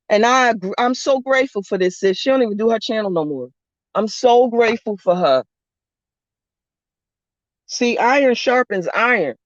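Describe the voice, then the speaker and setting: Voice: mid-range voice, animated, moderate pace, fairly bright tone, dry recording. A spiritual vlogger talking bluntly and casually, swearing and rambling through stories. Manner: blunt, profane, rambling storyteller. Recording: dull lo-fi dry recording.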